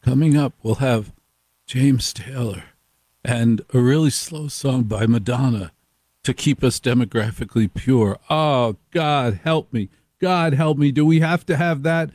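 A middle-aged man hosting a radio show, telling stories in an animated, sarcastic monologue and slipping into other people's voices. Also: mid-range voice, measured pace, dry recording. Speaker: radio host.

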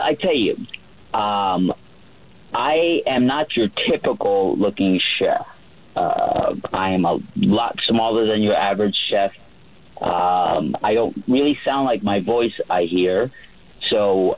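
A man's voice: on the low side, poor audio. A man working as a private yacht chef, telling stories in a rambling way with many fillers on a radio show. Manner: rambling, lots of fillers and restarts.

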